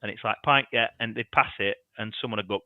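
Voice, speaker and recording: A man's voice: lowish voice, flat delivery, fast, dry recording, phone-quality sound. A man co-hosting a casual football fan chat, telling rambling anecdotes full of ums and acted-out quotes. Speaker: podcast co-host.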